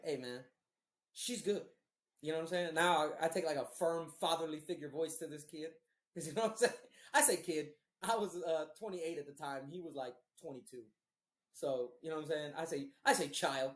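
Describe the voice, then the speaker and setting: A man in his thirties tells a profane story in loose, casual chat, acting out each person's lines as he goes. His voice sits a little high for a man. The room behind him is echoey. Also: a little fast. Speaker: podcast host. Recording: roomy echo.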